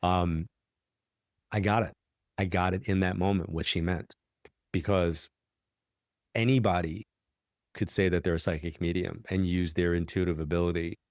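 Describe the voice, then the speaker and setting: In a clean, echo-free studio recording, a middle-aged psychic medium from New York appears as a guest and tells extended stories in relaxed conversation. He's animated, voicing the dialogue himself with sharp swings in pitch.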